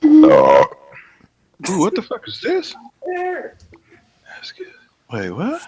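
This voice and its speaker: An excitable man whose pitch leaps wildly up and down. He swears and talks over the others in a casual group chat, heard through a video-call mic. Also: drawn-out words, dull audio.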